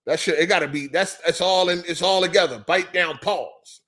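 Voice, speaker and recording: A man's voice: high voice, fairly quick. A man hosting a live gaming podcast, ranting heatedly and profanely while answering chat. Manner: profane, animated, talks back to chat. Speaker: podcast host. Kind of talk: heated live-stream rant.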